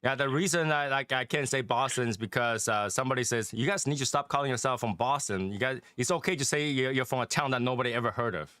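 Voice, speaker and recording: A man's voice: mid-range voice, fast, few pauses, sharp tone, clean tone, no room sound, clean studio sound. A middle-aged man from Connecticut hosting a casual chat, rambling and joking with frequent laughs. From Northeast Connecticut. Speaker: host.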